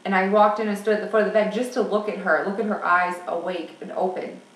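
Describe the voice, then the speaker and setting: A woman's voice: medium pitch, fairly even intonation, fast. A woman talking frankly and at length in a candid personal vlog. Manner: chatty and frank, rambling. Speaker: vlogger. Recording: roomy sound from a distance.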